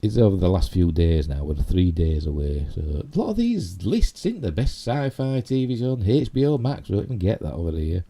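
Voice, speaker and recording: A middle-aged Yorkshireman hosts a casual YouTube live stream, rambling chattily and mocking himself along the way. His voice is deep, mellow and sing-song, moving briskly with few pauses.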